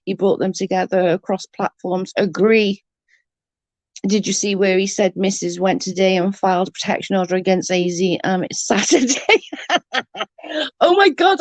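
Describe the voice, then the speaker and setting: A woman's voice: medium pitch, a little mellow, no room sound. A woman, ranting bluntly and mockingly as an online commentator, full of profanity. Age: 30s. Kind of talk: ranting live-stream chat.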